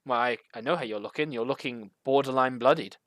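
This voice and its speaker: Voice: medium pitch, a little fast, fairly bright tone, dry recording. This is a game master calling the turns of a tabletop session. The narration runs loose and is padded with fillers. The sound is dry, with no room around the voice. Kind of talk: running a tabletop game over voice chat.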